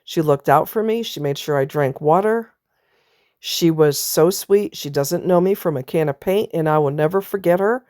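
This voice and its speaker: A woman's voice: low voice, normal speed, dark tone, no echo, studio quality. A woman vlogger telling a personal story in a blunt, emphatic way, now and then swearing. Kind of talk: casual personal monologue.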